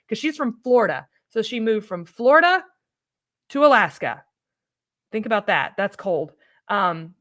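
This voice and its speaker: A woman's voice: mid-range voice, sharp tone. A woman who coordinates an ESL program, answering viewer questions in a casual, chatty, upbeat way and repeating phrases for emphasis. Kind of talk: casual live Q&A chat.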